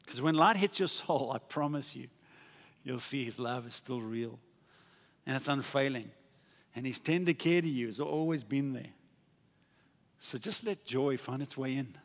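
A man preaching a sermon with passion, swinging from soft, quiet asides to loud, ringing declarations. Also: mid-range voice, moderate pace, pauses often. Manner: impassioned, rising to exclamations then dropping to soft asides. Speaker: pastor. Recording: long reverb of a large hall.

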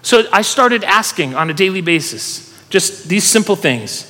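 A man with a high voice preaches in a large church hall, and a long reverb trails after his words. He tells stories with energy and urges the congregation to join in. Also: a little slow, hardly any pauses. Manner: animated storytelling preacher, urging the congregation. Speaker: pastor. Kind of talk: sermon.

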